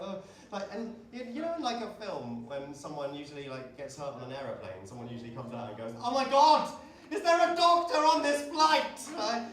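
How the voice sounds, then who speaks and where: A man doing a stand-up comedy set in a pub, chatting with the crowd, swearing often and checking in with "right?" as he tells his stories. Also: a little high. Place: comedy pub stage before a live audience. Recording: echoey pub room, distant mic, audience laughter.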